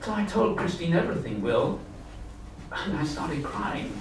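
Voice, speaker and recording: A man's voice: fairly high pitch, big pitch swings, unhurried. A man reading his own first-person story aloud at a live literary event, earnest and confiding. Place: festival event hall. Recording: echoey hall, far mic, background noise.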